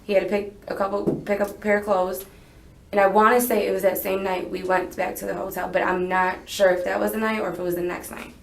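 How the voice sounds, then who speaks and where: A woman's voice: medium pitch, little pitch movement, quick pace, gravelly. A young woman telling a police interviewer what happened, rambling and unsure, hedging her memory as she goes. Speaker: witness being interrogated. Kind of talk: recounting events in a police interview. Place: interrogation room. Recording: echoey interview room.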